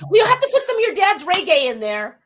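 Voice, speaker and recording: A woman's voice: very high-pitched, big pitch swings, a little fast, loud music behind the voice. A woman hosting a radio interview from her home work den over a video call, gushing and upbeat, chatty with plenty of fillers. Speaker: talk show host.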